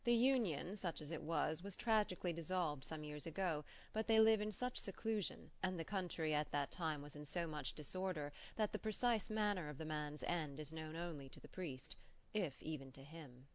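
A woman reading the part of a polite, gently teasing older male doctor in an audiobook, in a measured way. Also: sits low, dull audio.

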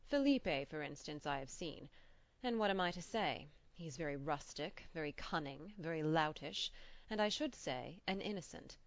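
A woman reading the part of a polite, gently teasing older male doctor in an audiobook, in a measured way. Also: sits low, expressive, lo-fi sound.

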